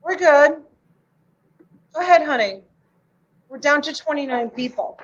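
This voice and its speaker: Chatty woman seller, a bit high, dull muffled stream audio. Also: unhurried, a little hiss or hum. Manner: chatty, stumbling, repeats words. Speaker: livestream seller. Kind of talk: casual live-sale chat.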